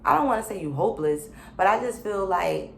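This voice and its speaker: A woman's voice: medium pitch, animated, fairly quick, creaky, reverberant, a little hiss or hum. A woman casually recapping a reality show, chatty and opinionated, with lots of fillers and slang.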